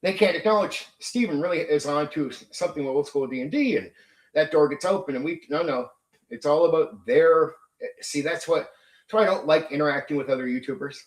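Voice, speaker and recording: Aggrieved man ranting, raised pitch. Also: brisk. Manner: aggrieved, repetitive, emphatic, swears; mimics rivals in sneering quoted voices. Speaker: channel host. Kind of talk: unscripted monologue rant.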